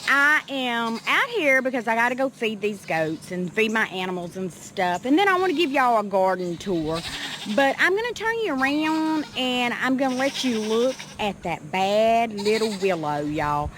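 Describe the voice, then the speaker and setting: A woman's voice: a little high, sing-song, moderate pace, a little hiss or hum. A woman, giving a chatty walking vlog around her farm. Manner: chatty, calls out loudly to animals. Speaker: homestead vlogger. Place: outdoors on a farm by goat pens. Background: goats bleating.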